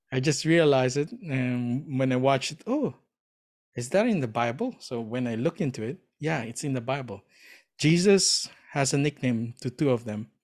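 A man in casual chat, telling a story earnestly and with enthusiasm, often pausing to search for words. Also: mid-range voice.

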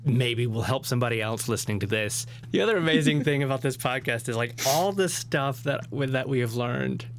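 A man co-hosts a podcast in loose, casual conversation, pressing his points with emphasis and laughing often. His voice sits at an ordinary middle pitch. A faint hum runs underneath the recording. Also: fairly quick, hardly any pauses. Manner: emphatic, chatty, with frequent laughs. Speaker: podcast co-host.

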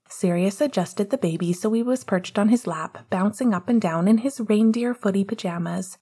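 A woman narrating a fan fiction story aloud in a soft, gentle manner. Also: medium pitch, moderate pace, hardly any pauses, slightly rough. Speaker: reader.

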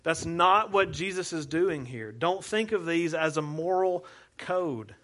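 A man's voice: on the high side, unhurried, fairly bright tone. A male pastor preaching a sermon in an earnest, conversational way, asking the congregation rhetorical questions.

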